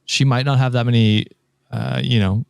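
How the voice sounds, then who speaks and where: A man's voice: medium pitch, fairly even intonation, normal speed, creaky, dry recording. A man co-hosting a casual podcast, who talks bluntly, swears freely and reacts with outrage. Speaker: podcast co-host.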